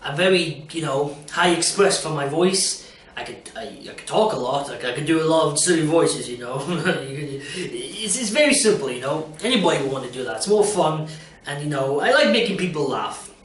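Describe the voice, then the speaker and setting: A man's voice: a little high, lively intonation, a little fast, fairly bright tone, distant mic, slight background noise. A young man rambling jokily about auditions and performing, with lots of fillers, recorded in an echoey room away from the mic. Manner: rambling, jokey, lots of "you know". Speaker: aspiring performer. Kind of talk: casual self-recorded audition talk.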